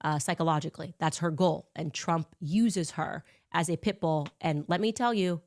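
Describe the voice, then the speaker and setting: A woman with a notably low voice speaks in a combative, accusatory way, laying out a pointed statement. The sound is close and dry, with no room around it. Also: normal speed, darkish tone, no echo. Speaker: commentator. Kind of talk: recorded statement.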